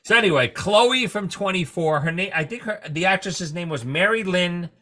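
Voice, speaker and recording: A man hosting a casual podcast, telling animated stories and cursing freely. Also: high voice, normal speed. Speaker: podcast host. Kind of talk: casual chat.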